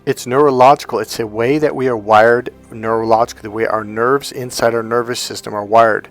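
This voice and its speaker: A dating coach tells a personal story in a medium-pitched male voice, with faint music underneath. He rambles in a conversational way, circling back and restarting his sentences. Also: steady tone, a little fast.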